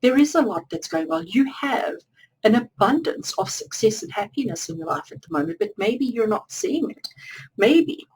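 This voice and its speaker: A woman's voice: medium pitch, sing-song, moderate pace, darkish tone, husky, far from the mic, rough recording. A woman doing a pick-a-card tarot reading, talking earnestly and encouragingly straight to the listener.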